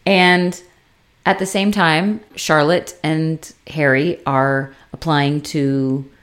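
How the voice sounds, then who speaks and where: A woman with a fairly low voice recaps a TV series in casual chat. She talks with lots of fillers and throws herself into the quoted lines, jumping up in pitch and sometimes shouting when the story gets heated. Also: slow pace. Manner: animated retelling, acts out quotes with big pitch jumps. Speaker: podcast co-host.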